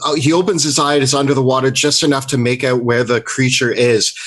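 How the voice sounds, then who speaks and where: A man's voice: mid-range voice, fairly even intonation, fairly quick, fairly bright tone. A man playing a character in a tabletop game, describing his moves and thinking aloud. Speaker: player.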